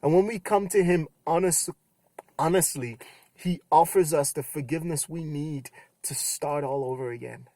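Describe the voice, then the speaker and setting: A young adult man giving a casual youth sermon, retelling scripture with animated quoted voices. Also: a little high, normal speed, no room sound. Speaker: youth pastor.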